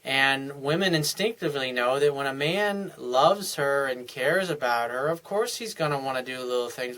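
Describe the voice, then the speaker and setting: A man's voice: medium pitch, animated, moderate pace, hardly any pauses. Male relationship coach, earnest advice monologue, middle-range voice. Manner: earnest, acts out couples' dialogue in softer voices. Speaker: dating and life coach.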